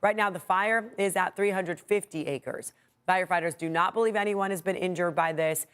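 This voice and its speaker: A female news anchor with an American accent, reading morning stories in a brisk, upbeat way. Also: fairly low pitch, fairly bright tone, clean tone. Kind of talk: news reading and light chat.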